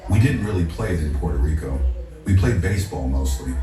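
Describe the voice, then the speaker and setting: A man voicing a friendly, gently sad young girl who has just moved to town, speaking softly and candidly. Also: low-pitched, lively intonation, fairly quick. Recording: echoey, distant, faint music.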